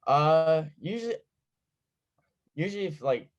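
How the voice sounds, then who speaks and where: A man's voice: on the high side, expressive, measured pace, dull audio. A teenage boy co-hosting a podcast, telling an anecdote in a laid-back way and acting out the quotes. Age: teens. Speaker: podcast co-host. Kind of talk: casual podcast storytelling.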